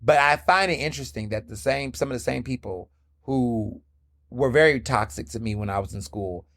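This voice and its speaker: A man in his thirties from the American South talks candidly on his own podcast, with lively asides and playful quoted voices. His voice is mid-pitched and recorded close and dry, with no room sound around it. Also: moderate pace, no echo. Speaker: podcast host. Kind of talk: casual solo podcast monologue.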